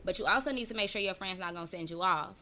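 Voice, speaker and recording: Woman, bright clear voice, live-stream podcast host, chatty, laughs a lot, reads out viewer comments. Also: medium pitch, racing. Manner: laughs often, animated. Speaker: teacher. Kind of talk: casual live-stream chat. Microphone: personal mic.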